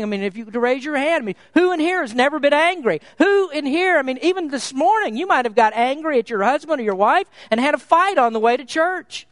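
A man's voice: extremely high pitch, dry recording. A middle-aged male pastor preaching a sermon, rising to emphatic bursts with casual asides.

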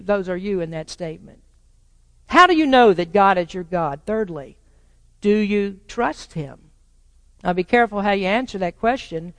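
A pastor preaching a sermon to a congregation, swinging between loud proclaiming and quiet, probing rhetorical questions. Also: mid-range voice. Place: church sanctuary with a congregation. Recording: long reverb of a large church hall.

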